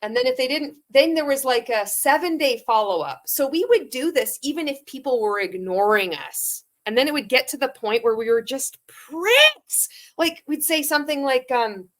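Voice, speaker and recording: A woman's voice: sits high, animated, moderate pace, hardly any pauses, fairly bright tone. A woman giving sarcastic reaction commentary, profane and mocking, laughing often and mimicking sales scripts.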